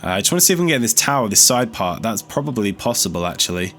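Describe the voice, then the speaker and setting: A let's play host gives casual gameplay commentary, chatty and thinking aloud as he explores, and he startles easily. His lowish, fairly bright voice comes out very animated and rapid-fire, with faint music in the background.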